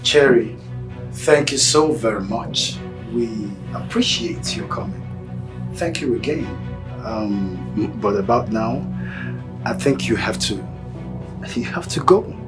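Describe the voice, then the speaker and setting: An actor playing a father who keeps pleading for calm. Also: medium pitch, takes it slowly. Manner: soothing, pleading. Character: pleading father, gentle peacemaker. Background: music.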